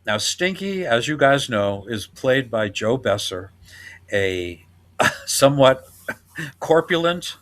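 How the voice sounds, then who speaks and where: A man's voice: mid-range voice, very animated, slow pace, fairly bright tone. Man gleefully recapping old comedy scenes. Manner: enthusiastic, laughs often while retelling scenes. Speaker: podcast host. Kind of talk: casual chat.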